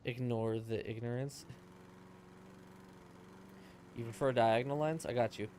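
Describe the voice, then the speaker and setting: A man's voice: mid-range voice, fairly even intonation, a little fast, darkish tone, a little hiss or hum. A man streaming himself playing a game, chatting casually and rambling in answer to his chat. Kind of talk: casual gameplay commentary.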